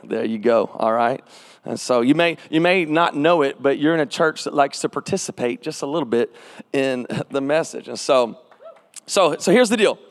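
A man's voice: mid-range voice, lively intonation, moderate pace. A man preaching a sermon, telling a personal story and leading call-and-response with his congregation. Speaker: pastor. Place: large church hall. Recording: reverberant church hall.

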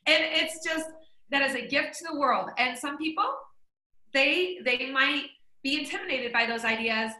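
A woman's voice: sits high, moderate pace, pushed and bright, reverberant, rough recording. A woman podcast host, effusive and enthusiastic, reacting to a guest and reading out listener questions. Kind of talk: casual podcast chat.

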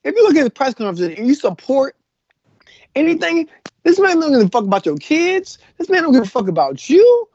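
A man's voice: very high voice, huge pitch swings, fairly quick, darkish tone. A man co-hosting a casual podcast chat, ranting in a heated, profane way. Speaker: podcast co-host. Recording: dull, lo-fi dry recording.

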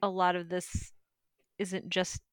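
A woman's voice: lowish voice, little pitch movement, slow pace, smooth, dry recording. A woman co-hosting a podcast, chatting casually and playfully, laughing often. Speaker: podcast co-host. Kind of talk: casual chat.

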